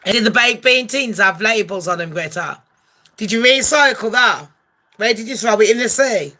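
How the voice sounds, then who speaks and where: Brash, bright-voiced woman gossiping. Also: a little high, expressive, normal speed. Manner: brash, profane, sarcastic. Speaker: gossip vlogger. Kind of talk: comic gossip commentary.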